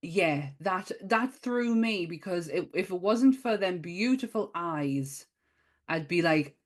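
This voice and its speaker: A woman's voice: lowish voice, animated, takes it slowly. A woman co-hosting a casual film podcast, chatty, laughing often and swearing freely. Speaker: podcast co-host.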